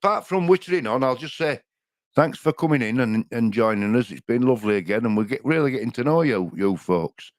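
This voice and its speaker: An older Yorkshire man chatting on a live stream in a homely, rambling way, with frequent chuckles. His voice sits at an ordinary pitch. The sound is dry and close. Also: animated, a little fast, dry recording. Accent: Yorkshire English. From Yorkshire, England. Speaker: livestream co-host. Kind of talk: casual chat.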